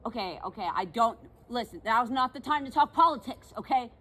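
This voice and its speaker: A woman's voice: fairly high pitch, expressive, fairly quick, bright, forceful tone. A woman playing a bossy young milkmaid turned fae in a one-sided comedy sketch, talking in mock-archaic, huffy, self-important tones. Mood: indignant.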